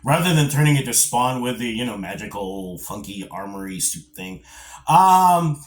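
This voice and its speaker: A middle-aged man reviewing a vintage action figure, talking in a rambling, animated way with playful asides and geeky nostalgia. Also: medium pitch, moderate pace. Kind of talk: casual video review.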